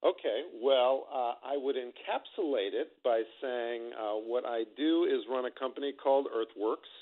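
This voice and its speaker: A man's voice: mid-range voice, normal speed. A man being interviewed by phone about his company, explaining in an upbeat way with plenty of fillers. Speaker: guest, company executive. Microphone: telephone. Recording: tinny phone line.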